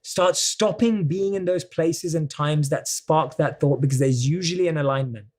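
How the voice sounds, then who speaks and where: A man with a British accent explains self-help ideas in a relaxed interview. His voice sits a little high for a man. He lays his points out patiently and slips into quoted inner voices to make them land. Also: moderate pace. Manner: earnest, explanatory, acts out quoted self-talk. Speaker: guest coach. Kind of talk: conversational self-help talk.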